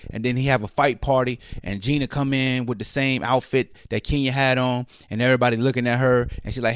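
A man hosting a podcast, ranting in casual slang with incredulous, mocking asides and quick put-on quotes. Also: medium pitch, steady tone, no echo, clean studio sound. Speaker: podcast host. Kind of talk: casual commentary rant.

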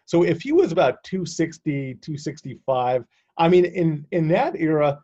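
A man's voice: a little high, expressive, moderate pace, dark tone. A man hosting a podcast interview, easygoing, asking long, winding questions. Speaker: podcast host. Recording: muffled sound.

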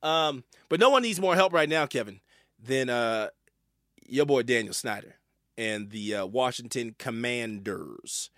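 A man's voice: medium pitch, measured pace, dry recording, clean studio sound. A male host, talking emphatically and swearing as he delivers opinionated commentary. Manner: animated, emphatic, swearing, with fillers and repeats.

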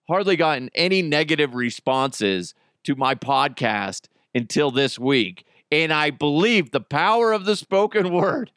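A man's voice: on the high side, very animated, a little slow, few pauses, a bit bright, no echo, clean studio sound. A man hosting a casual solo podcast, rambling and joking, swearing freely. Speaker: podcast host.

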